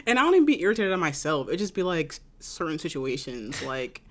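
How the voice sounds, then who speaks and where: A woman's voice: low-pitched, very animated, fairly quick. A woman in casual chat, telling a story with lots of swearing and laughter.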